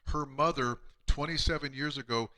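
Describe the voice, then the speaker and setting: A man, a chiropractor, telling emotional patient stories on a live stream, earnest and often dropping to a hushed voice. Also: medium pitch, moderate pace. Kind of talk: heartfelt storytelling on a live stream.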